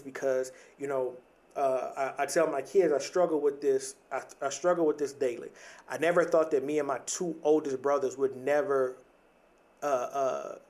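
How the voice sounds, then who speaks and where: A man's voice: mid-range voice, darkish tone. A young adult man hosting a podcast, talking in an earnest, reflective motivational monologue, often restarting and leaning on "like" and "right?". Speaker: podcast host.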